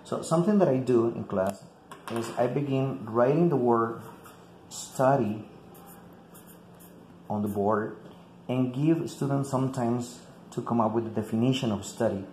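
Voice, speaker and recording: A male English teacher walks fellow teachers through a classroom activity one step at a time, with a mellow, dark voice. He fills his talk with "like" and repeats words as he goes. The room is echoey with faint ambient noise behind him. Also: mid-range voice, measured pace, pauses often. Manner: explains step by step with frequent "like" and repeats.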